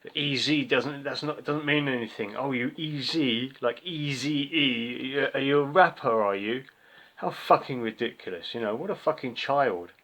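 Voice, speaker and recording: A man's voice: fairly low pitch, vocal fry, a bit bright. A man giving a ranting monologue review of a record, angry, profane and sarcastic. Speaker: music reviewer. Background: faint music from the record being reviewed.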